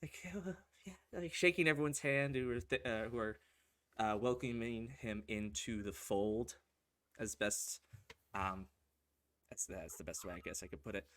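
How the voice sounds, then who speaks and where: A man's voice: on the low side, moderate pace, fairly bright tone. A man narrating a tabletop game as game master, casual and full of fillers.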